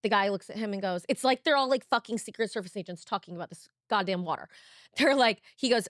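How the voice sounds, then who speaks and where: A young woman co-hosting a podcast, telling a story in a casual, animated way, swearing a lot and saying "like" often. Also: medium pitch, brisk, no echo, studio quality. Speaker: podcast co-host.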